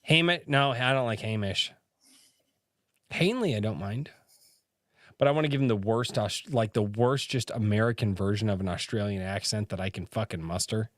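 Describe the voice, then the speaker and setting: A man's voice: lowish voice, normal speed, dry recording, studio quality. A man hosting a casual livestream podcast, rambling and swearing as he chats with his audience. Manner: rambling, swears often, frequent restarts. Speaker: podcast host.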